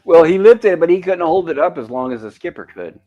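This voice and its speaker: A man's voice: fairly high pitch, expressive, fast, warm tone, dull audio, soft background music. A man hosting a casual commentary on an old TV episode, describing the scenes and reading quoted lines aloud. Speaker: show host.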